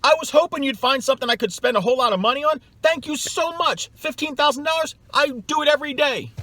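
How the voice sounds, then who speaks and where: A man mockingly acting out an overeager male customer in a high, squealing falsetto. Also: fast talker, sharp tone, no echo. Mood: mock delight. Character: gushing overeager male customer, mock-grateful.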